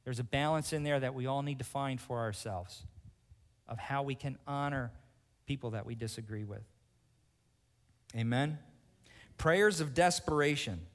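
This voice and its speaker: A male pastor preaching emphatically, swinging between loud declarations and hushed asides and checking in with his congregation. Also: medium pitch, normal speed, pauses often, big-room sound. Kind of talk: sermon.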